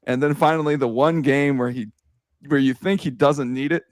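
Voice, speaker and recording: A young man hosting a casual sports podcast, excitable and quick to swear and laugh. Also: mid-range voice, no room sound, studio quality. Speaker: podcast host.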